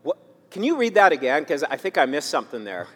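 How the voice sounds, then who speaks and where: A male pastor preaching a sermon, emphatic and repetitive, swinging between loud urging and quiet asides. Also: a little high, very animated, fast talker. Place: church sanctuary. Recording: long hall reverb.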